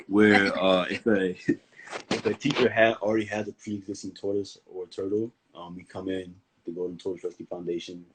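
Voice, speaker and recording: Deep husky young man, laid-back. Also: rough recording. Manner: relaxed, laid-back, laughs easily. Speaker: guest athlete. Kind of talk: casual live-stream interview.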